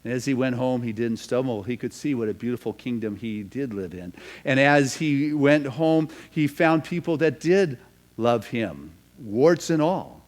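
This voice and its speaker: A man, a minister, preaching a sermon and telling a parable as a story, moving from hushed passages to emphatic ones. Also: medium pitch, animated, a little slow.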